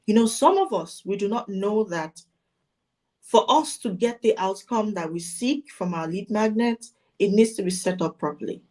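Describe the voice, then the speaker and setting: A woman marketing coach telling client stories in casual, animated conversation. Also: medium pitch, moderate pace. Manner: animated storytelling, voices her clients.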